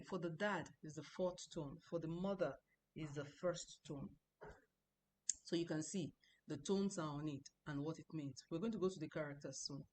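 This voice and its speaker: Woman teacher slowly modeling spoken tones. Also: deep voice, darkish tone, a little hiss or hum. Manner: explains patiently, repeats tone examples slowly; frequent restarts and stammering. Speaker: language teacher. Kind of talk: recorded online lesson.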